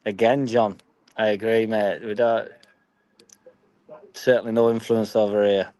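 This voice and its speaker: A man's voice: fairly low pitch, level tone, unhurried, darkish tone, poor audio. A young man with a Yorkshire accent chatting casually and swearing freely as he reads and answers his live stream chat. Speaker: football fan vlogger.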